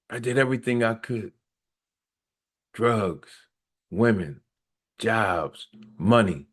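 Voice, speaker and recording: A middle-aged man with a fairly low voice reads aloud from his own memoir. Between passages he stops to preach and hammers his points home with repetition. His delivery is earnest and insistent. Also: slow pace, pauses often, husky. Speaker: author reading his memoir.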